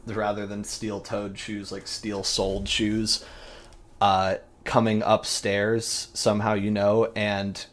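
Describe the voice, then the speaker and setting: A man narrating a tabletop game as game master, in a rambling, descriptive way with many fillers. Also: fairly low pitch.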